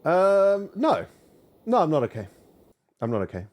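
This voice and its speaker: A man's voice: high-pitched, big pitch swings, measured pace. A man hosting a casual gaming stream, venting in exasperation about his computer and chatting with a fellow player. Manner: exasperated, venting, swings loud and quiet. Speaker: streamer, channel host.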